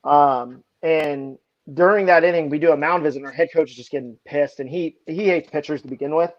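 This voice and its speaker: A man and baseball pitching coach telling an animated story in a casual podcast chat, leaning heavily on "like". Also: a little fast, lo-fi sound. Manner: animated anecdotes, heavy use of "like".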